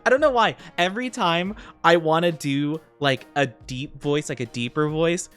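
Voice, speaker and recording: A man's voice: on the high side, normal speed, a bit bright, clean tone, faint music behind. A young man streaming casually, chatting with viewers in a rambling way, with frequent laughs and fillers. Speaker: VTuber streamer. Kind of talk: casual live-stream chat.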